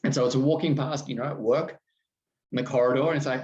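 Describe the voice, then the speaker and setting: A man's voice: medium pitch, fairly even intonation, quick pace, darkish tone, highs cut off. A man hosting a solo podcast, talking in a conversational, reflective way with restarts. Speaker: podcast host.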